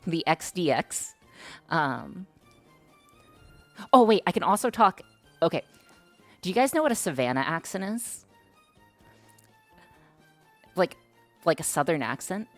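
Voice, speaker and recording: A woman's voice: fairly low pitch, big pitch swings, normal speed, pauses often, soft background music. A woman streamer chatting casually with her viewers, hesitant and self-conscious, with many fillers. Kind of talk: casual live-stream chat.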